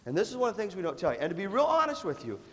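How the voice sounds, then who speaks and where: Animated man speaking in an echoey hall. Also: high voice. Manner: animated, joking, acts out quick voices and sudden shouts. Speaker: leadership speaker. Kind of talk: motivational workshop talk. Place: large hall with a student audience. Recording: echoey hall, faint room noise.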